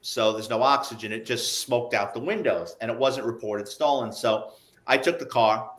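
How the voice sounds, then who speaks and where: A man's voice: medium pitch, moderate pace. New man telling police stories. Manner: animated, acts out the people in his stories. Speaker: guest, retired police investigator. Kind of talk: casual storytelling.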